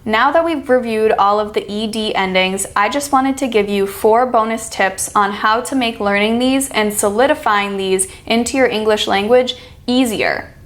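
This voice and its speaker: American lady doing a pronunciation lesson, slow and careful, repeats each word. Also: a little high. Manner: slow, demonstrating each sound. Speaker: accent coach.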